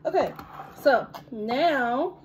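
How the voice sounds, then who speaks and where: A woman with a high, lively voice talks slowly and playfully as she guides her small son through a recipe. Her coaxing has an easy, teasing warmth to it. The home recording carries a clear layer of background noise. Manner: playful, coaxing, giggly encouragement. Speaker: mother cooking with her young son. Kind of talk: casual home cooking vlog.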